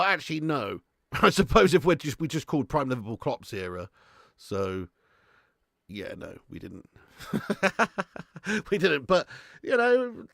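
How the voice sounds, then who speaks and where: A man's voice: on the high side, creaky, fairly bright tone, no echo, clean studio sound. A man in his thirties hosting a live football watch-along, chatting casually, swearing freely and answering viewers' comments. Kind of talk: casual live stream chat.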